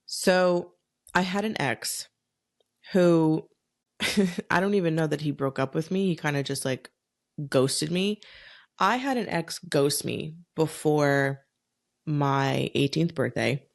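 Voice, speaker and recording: A young adult woman hosting a solo podcast, telling a personal story in a frank, profane, animated way. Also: deep voice, takes it slowly, gravelly, long pauses. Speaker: podcast host.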